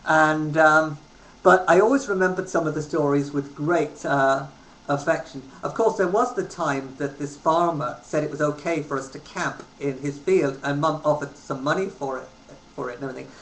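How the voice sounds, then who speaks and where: Sitting in a room at home, an English man in his thirties speaks into his webcam about his travels in a casual, rambling way full of ums. His voice is a little high and fairly bright at normal speed, captured in a roomy recording with faint hiss.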